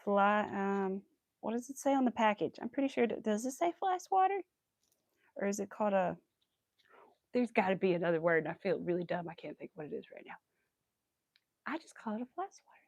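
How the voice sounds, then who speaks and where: A woman's voice: medium pitch, lively intonation, brisk, pauses often, darkish tone, dry recording, studio quality. A young woman with a Southern US accent chatting casually while she crochets on a livestream, rambling and laughing often.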